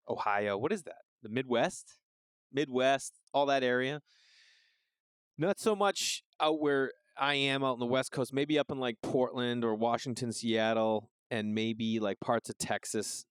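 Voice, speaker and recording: A man in his forties riffs through a comedic monologue, loose and profane. His voice is smooth and full, and the recording is close and dry with no room sound. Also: mid-range voice, no echo. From Massachusetts. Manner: loose, profane, riffing with asides. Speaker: podcast host.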